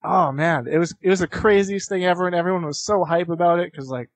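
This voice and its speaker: A young man in his late teens, a competitive gamer, is a guest in a casual interview, and his voice is high and quick with no echo. He tells rambling stories full of fillers and restarts, laughing often between phrases.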